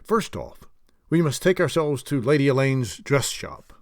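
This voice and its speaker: A man's voice: medium pitch, lively intonation, no room sound, studio quality. Merlin, a man doing an old wizard. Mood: brisk. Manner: gracious, lecturing, quick to snap. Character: old wise male wizard, sharp-tongued. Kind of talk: audiobook character voice.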